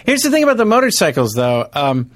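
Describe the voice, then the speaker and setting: A man's voice: a little high, huge pitch swings, fast talker, dry recording, clean studio sound. A man co-hosting a comedy podcast, chatting casually and rambling through many fillers and restarts. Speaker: podcast co-host.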